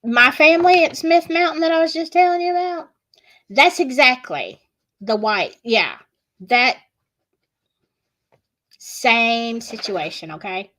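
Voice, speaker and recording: A woman's voice: high voice, takes it slowly, pauses often, bright, forceful tone. A woman with a Southern US accent, hosting a casual livestream and chatting with viewers in a gossipy way. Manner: chatty, gossipy, reads chat aloud. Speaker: livestream host.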